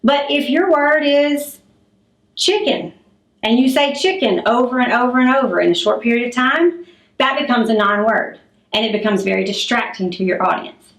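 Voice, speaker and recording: A middle-aged woman teacher giving a classroom lesson on public speaking, clear and demonstrative as she acts out examples. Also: a little high, moderate pace. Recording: echoey room.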